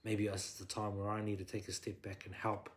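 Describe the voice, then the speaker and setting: A man, a podcast guest, ranting in blunt, profane, emphatic conversation that swings up into shouting. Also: fairly low pitch, little pitch movement, a little fast. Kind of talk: heated conversational rant.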